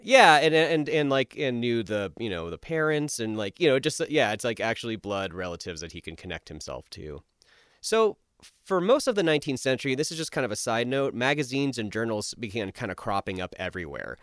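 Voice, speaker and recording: Rambling casual man, smooth dry voice. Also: medium pitch, very animated, fairly quick, fairly bright tone, dry recording. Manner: rambling, many fillers. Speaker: podcast co-host. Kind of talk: casual chat.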